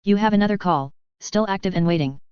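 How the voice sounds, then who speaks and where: A woman's voice: medium pitch, fast talker, a little mellow, clean tone, no echo, dull audio, lightly acted. A woman reading a wry, casual crewwoman.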